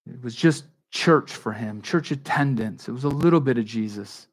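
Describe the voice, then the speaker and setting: Man preaching an animated sermon. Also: mid-range voice, moderate pace. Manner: animated preaching, voices Bible figures in dialogue; conversational with frequent restarts and asides. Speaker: pastor.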